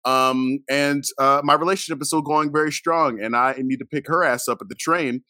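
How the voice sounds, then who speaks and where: Guy rambling and joking on a podcast, bright dry voice. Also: mid-range voice, steady tone, moderate pace, no room sound. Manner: joking, rambling with many fillers. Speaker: podcast panelist. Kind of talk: casual podcast chat.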